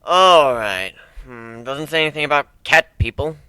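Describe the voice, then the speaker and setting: A man's voice: mid-range voice, animated, moderate pace, sharp tone, clean tone, no room sound. A man reading a story aloud in the first person, brash and crude with a casual swagger. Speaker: amateur reader.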